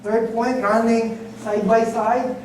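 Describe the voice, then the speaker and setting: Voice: mid-range voice, little pitch movement, slow pace, darkish tone, a little hiss or hum. A pastor preaching a sermon, asking rhetorical questions and dropping Tagalog asides into English. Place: church hall. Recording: echoey hall, distant mic, faint ambience.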